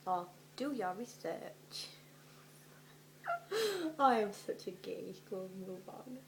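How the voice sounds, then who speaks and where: A young woman doing a comedic dramatic reading, animated and sweary, often dropping into whispers for her asides. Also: medium pitch, takes it slowly, creaky, a little hiss or hum, poor audio. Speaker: vlogger.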